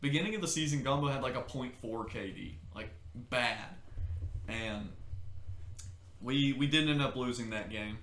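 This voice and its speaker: A man co-hosting a podcast, chatting casually and telling stories with lively acted-out quotes and shouts. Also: mid-range voice, normal speed, reverberant. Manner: animated storytelling, acts out shouts and quotes. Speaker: podcast co-host. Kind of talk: casual chat.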